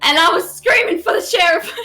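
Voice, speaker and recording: A woman's voice: sits high, very animated, normal speed, a bit bright, soft background music. Woman playing a melodramatic swooning elf lady. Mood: theatrical. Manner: theatrical, swooning, over-the-top. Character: melodramatic elven woman with a put-on accent. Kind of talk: tabletop role-play.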